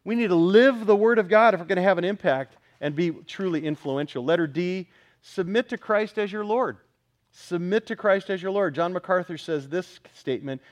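A man preaching a sermon to a congregation, emphatic and questioning, rising at times to shouts. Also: fairly high pitch. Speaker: pastor.

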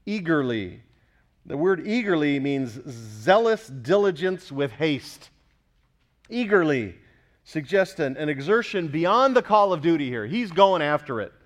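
A man's voice: a little high, very animated, a little slow. A man preaching a sermon with emphasis, often putting questions to the congregation. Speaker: pastor.

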